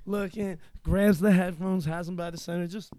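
A man's voice: sits high, steady tone, moderate pace, warm tone, a little hiss or hum. A young man hosting a podcast, telling a long profane story in casual chat. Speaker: podcast host.

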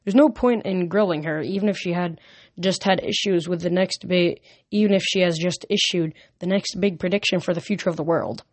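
A woman's voice: on the low side, brisk, no room sound, natural voice. A woman reading a storybook aloud, voicing a breezy, boastful male sun god with an upbeat manner.

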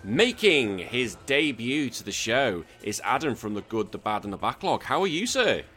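A man's voice: medium pitch, big pitch swings, normal speed, sharp tone, soft background music. A man with a Northwest English accent, hosting a podcast in a casual, rambling, sweary way. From northwest England. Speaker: podcast host.

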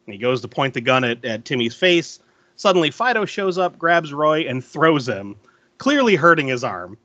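A man's voice: mid-range voice, lively intonation, moderate pace, bright, forceful tone, dry recording, lo-fi sound. A man hosting a podcast, casually retelling a movie scene by scene, laughing often and acting out the lines he quotes. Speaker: podcast host recapping a movie. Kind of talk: casual chat.

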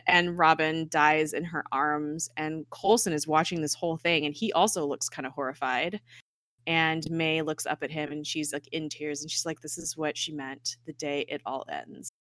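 Low-voiced, bright-toned woman recapping an episode. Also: dry recording, studio quality. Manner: animated storyteller, acts out lines, swears, laughs often. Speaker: podcast co-host recapping a TV episode. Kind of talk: casual chat.

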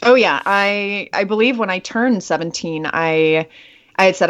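A woman's voice: on the low side, normal speed, fairly bright tone. A woman guest in a casual interview, chatty and bubbly, laughing often as she tells stories. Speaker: actress and veteran guest. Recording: muffled lo-fi audio.

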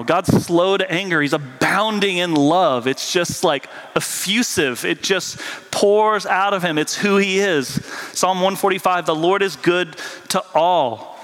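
Chatty higher-voiced man preaching in a hall. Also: measured pace, a bit bright. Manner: chatty, peppered with "like" and "right?". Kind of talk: casual conversational sermon. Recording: long hall reverb.

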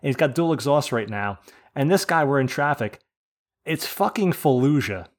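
A man's voice: mid-range voice, normal speed. Profane, ranting American man. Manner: animated, profane storytelling rant. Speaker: podcast host. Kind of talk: casual podcast chat. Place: podcast studio.

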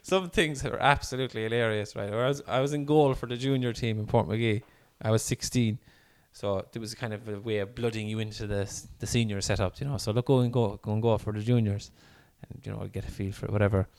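A man, a guest on a casual comedy podcast, telling stories in an animated way and laughing often. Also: fairly low pitch, fast talker, hardly any pauses.

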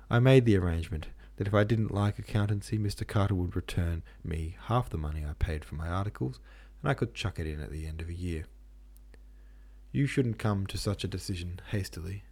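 A man's voice: low-pitched, warm tone. A man voicing a restless young clerk who speaks bluntly. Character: young male articled clerk, restless and defiant.

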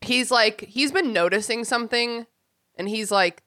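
A woman co-hosting a casual podcast chat, animated and laughing often, acting out lines of the people she talks about. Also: on the high side, measured pace, dry recording, clean studio sound. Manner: animated, laughs often, acts out quoted characters. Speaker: podcast co-host.

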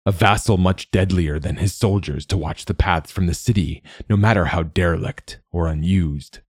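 A man voicing an ancient, secretive machine god in a storybook reading, with a rasping, slow and measured delivery. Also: deep voice, no room sound, studio quality. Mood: solemn. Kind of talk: audiobook narration.

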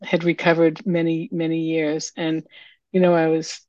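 A woman giving a candid, emotional share at a recovery meeting, halting with fillers, over a video call. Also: low voice, monotone, darkish tone, no echo. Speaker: meeting member sharing. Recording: dull lo-fi video call audio.

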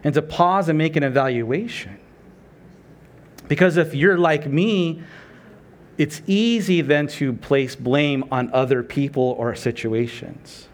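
Middle-aged guy preaching, chatty sermon, kinda high voice, lots of rhetorical questions. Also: animated, slow. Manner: conversational preaching, asks rhetorical questions, acts out quoted prayers. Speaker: pastor.

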